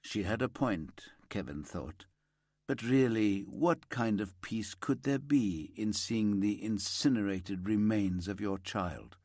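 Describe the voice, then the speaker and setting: Slow, somber male audiobook narrator. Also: on the low side, darkish tone, no echo, clean studio sound. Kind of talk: scripted narration.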